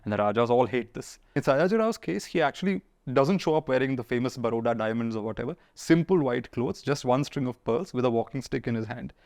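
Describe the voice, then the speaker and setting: A man, telling history stories in an interview and acting out the people he quotes. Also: mid-range voice. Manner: fast, animated storyteller acting out quoted figures. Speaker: historian guest. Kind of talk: conversational storytelling interview.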